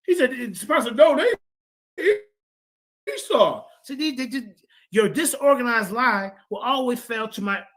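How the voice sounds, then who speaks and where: A man hosts a livestream, pushing back at an opponent in a heated debate rebuttal. His voice is bright and edgy, and he loops back over phrases while reading source after source aloud. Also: very high voice. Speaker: streamer host.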